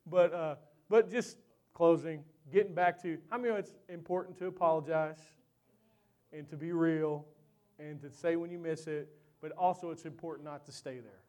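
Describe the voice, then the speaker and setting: A man preaching a sermon who tells a personal story in an animated, chatty way with lots of fillers, then closes in prayer. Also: fairly high pitch, normal speed.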